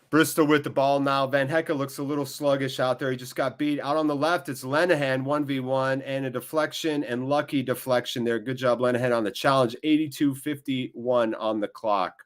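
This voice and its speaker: A man hosting a live fan watchalong, giving emotional, excitable match commentary. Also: medium pitch, normal speed. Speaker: fan channel host.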